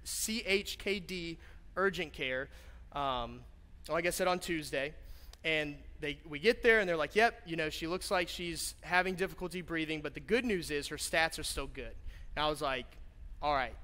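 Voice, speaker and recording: A young man preaching a sermon, telling a personal story in a conversational, joking way that builds to fervent appeals. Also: on the high side. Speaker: pastor. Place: church auditorium. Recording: church hall reverb with soft guitar.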